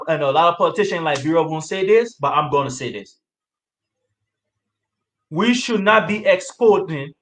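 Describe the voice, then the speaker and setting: Man, presidential candidate, halting speech, many fillers, slightly high voice. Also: fairly bright tone, poor audio. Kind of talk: interview answers.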